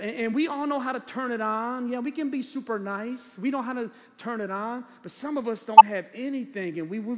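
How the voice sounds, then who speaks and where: A man preaching a sermon as pastor, animated, swinging from loud preaching to low asides. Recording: long hall reverb.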